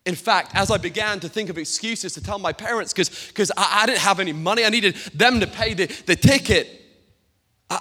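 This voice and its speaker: A Scottish man preaches from the pulpit, spinning funny stories and tripping over repeated words. His voice sits high and sounds sharp and forceful. The sermon rings out with a long reverb through a church hall. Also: fairly quick, husky. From Scotland. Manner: humorous storytelling, stammering repeats. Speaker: guest pastor.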